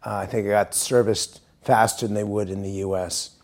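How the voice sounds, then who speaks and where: A middle-aged American man giving a speech to a university audience, telling a story in an earnest way and dropping quiet and grave at serious points. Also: fairly low pitch, steady tone, fairly quick, vocal fry. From United States. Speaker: pollster giving a talk.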